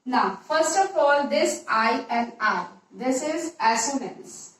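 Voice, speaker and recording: A woman teacher, slowly explaining a poem to a class and repeating her points. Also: high voice, animated, fairly bright tone. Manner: slow, repetitive explaining with restarts. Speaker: English teacher. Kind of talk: classroom poetry lesson. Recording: echoey room, voice far from mic.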